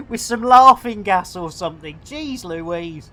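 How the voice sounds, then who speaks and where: A woman's voice: medium pitch, unhurried, hardly any pauses, sharp tone. A woman streaming a game, chatting casually to her viewers, rambling and punning with frequent giggles. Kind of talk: casual live-stream chat.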